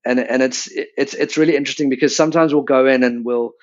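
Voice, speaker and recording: A man's voice: mid-range voice, steady tone, quick pace, lo-fi sound. A man, co-founder of a drinks business, chatting casually with many restarts and fillers. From Australia. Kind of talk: casual chat.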